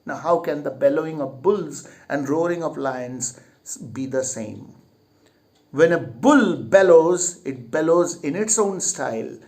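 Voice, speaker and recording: A man's voice: on the high side, animated, unhurried, darkish tone. A man teaching literature, reading each line of a play aloud with emphasis and then paraphrasing it plainly.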